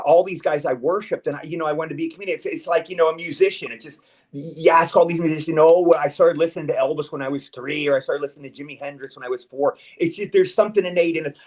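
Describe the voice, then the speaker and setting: A man chatting as a guest in a casual interview, rambling and eager, with stammered restarts. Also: on the high side. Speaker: guest actor.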